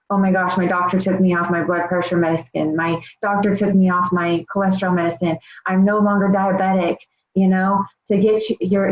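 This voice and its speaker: A woman's voice: medium pitch, a little mellow. A woman in her thirties giving a personal testimonial as a health coach, earnest and rambling, with many fillers. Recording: echoey, slightly muffled room recording.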